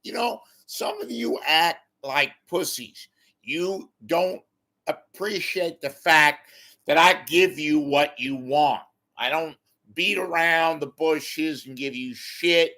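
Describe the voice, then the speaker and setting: A man impersonating a blunt, profane male political strategist who rants in shouting bursts. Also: fairly high pitch, takes it slowly, voice pushed up, heavily acted. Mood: blunt ranting.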